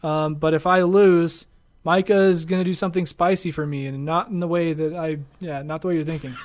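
Chatty high-voiced man hosting a podcast. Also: fairly even intonation, a little fast, darkish tone. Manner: laughing, rambling, chatty. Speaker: podcast host. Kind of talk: casual chat.

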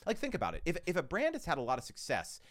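A man talking as a podcast guest in casual conversation, animated and acting out quoted dialogue with lots of fillers. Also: on the high side, racing.

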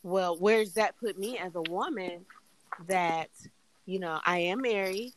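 A woman's voice: on the low side, unhurried, slight background noise, rough recording. Tipsy woman asking probing questions. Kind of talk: casual chat.

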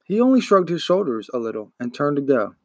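A man, a podcast host, reading a children's book aloud in an expressive storytelling manner. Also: fairly high pitch, a little fast, dry recording, clean studio sound. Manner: expressive, acts out the characters.

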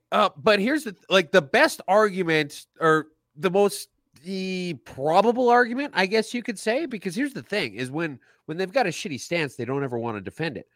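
A man's voice: a little high, fairly bright tone, dry recording. A man co-hosting a podcast, ranting casually about politics with lots of filler words. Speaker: podcast co-host.

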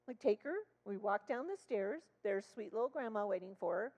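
A woman speaking in church as a child therapist, telling a story with animated acted-out dialogue. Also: mid-range voice, brisk, few pauses. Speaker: child therapist sharing testimony. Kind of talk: storytelling sermon. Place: church sanctuary. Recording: long hall reverb.

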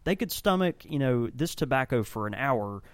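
A man's voice: medium pitch, lively intonation, moderate pace. A man with an ordinary mid-range voice chats casually on a podcast, piling up eager descriptions. The sound is dry and close, with no room echo. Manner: enthusiastic, rambling, descriptive. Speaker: podcast co-host and tobacco shop blender. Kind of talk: casual chat. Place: tobacco shop.

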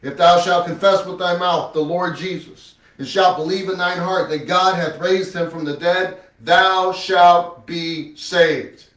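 Male preacher, higher-pitched, emphatic sermon delivery that swings loud to hushed; recorded at a distance. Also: fairly even intonation, moderate pace, hardly any pauses. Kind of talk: sermon with scripture reading. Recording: echoey room, mic at a distance.

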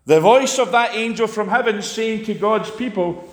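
A man preaching a sermon, impassioned, swinging sharply between loud and quiet. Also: moderate pace. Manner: impassioned, rises and drops sharply in pitch and volume. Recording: long hall reverb.

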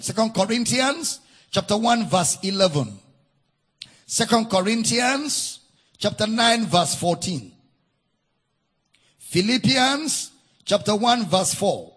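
A man preaching with a very high, husky voice that rises into shouts and sung phrases. He talks slowly and pulls words out long, and his pitch swings widely from line to line. He repeats key phrases over and over for emphasis. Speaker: pastor. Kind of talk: sermon. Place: church service.

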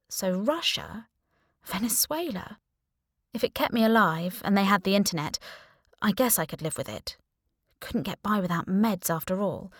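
A woman narrating a first-person audiobook in a wry, lively storytelling manner, close to the mic. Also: medium pitch, no echo.

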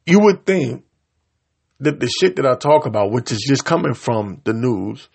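Gravelly, raspy man ranting angrily. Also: mid-range voice, animated, moderate pace. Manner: angry, profane and heated, talking over himself. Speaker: podcast host. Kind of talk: ranting solo podcast.

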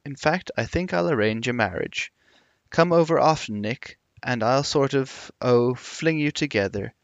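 A man's voice: medium pitch, measured pace, no echo, natural voice. A man reading the lines of a restless, cynical young society woman, with a wistful, theatrical delivery and only a light change of voice. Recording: dull lo-fi recording.

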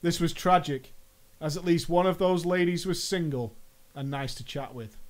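Young American guy, high voice, casual jokey vlog storytelling. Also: a little mellow. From United States. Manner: playful, jokey asides, drawn-out mock-dramatic phrases. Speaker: gaming vlogger.

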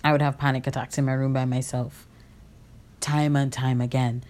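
A woman's voice: a bass voice, level tone, normal speed, a little mellow. A woman hosting a podcast, telling a personal story in a candid, reflective way, with many fillers and self-corrections. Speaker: podcast host.

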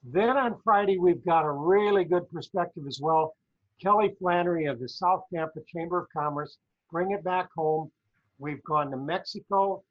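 Brief: chatty male co-host, high voice, muffled lo-fi sound, rambling and playful. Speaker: co-host, former professor. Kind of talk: casual talk-show chat. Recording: dull lo-fi audio.

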